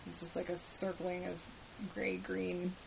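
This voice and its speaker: A woman's voice: lowish voice, monotone, a little slow, vocal fry, poor audio. Giggly woman with faint hiss. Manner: giggly, laid-back, trailing off. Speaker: podcast co-host. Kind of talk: casual chat.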